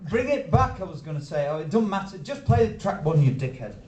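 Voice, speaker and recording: A man in his thirties playing a nerdy, petulant male sci-fi fan with a Yorkshire accent, shouting and stammering his way through live character stand-up. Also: big pitch swings, a little fast, recorded from a distance, loud music behind the voice. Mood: ranting. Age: 30s. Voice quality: high, shouty, stammering and indignant. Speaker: comedy character performer. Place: small theatre stage with a live audience. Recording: roomy live venue from afar, audience.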